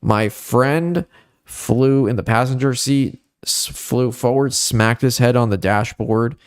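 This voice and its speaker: Animated man telling a story, dry sound. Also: slow, clear, resonant tone, no room sound. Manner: animated storyteller, rising pitch on dramatic moments. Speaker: podcast host. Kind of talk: casual storytelling chat.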